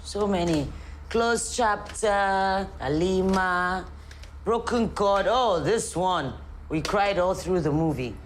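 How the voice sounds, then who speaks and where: A woman's voice: medium pitch, takes it slowly, slight background noise. A middle-aged woman, an actress turned politician, speaking candidly and reflectively in an interview. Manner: candid, reflective, laughs often. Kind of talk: personal documentary interview.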